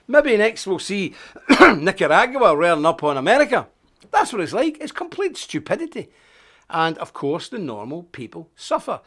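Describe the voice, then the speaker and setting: A man hosts an unscripted live-stream monologue with an outspoken, folksy manner. His pitch swings widely, and his voice sits a little above the usual male range. He leans hard on key words and drifts into homely asides. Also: sing-song, normal speed, fairly bright tone. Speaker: host of a live stream report.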